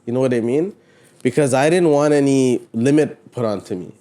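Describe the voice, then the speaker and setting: A man's voice: medium pitch, normal speed, warm tone. A man from the Toronto area co-hosting a casual real estate podcast, talking loosely and laughing easily. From Canada, Ontario (Mississauga area). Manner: loose and conversational, many "you know what I mean" fillers, laughs easily. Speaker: podcast co-host, realtor. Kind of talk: casual chat.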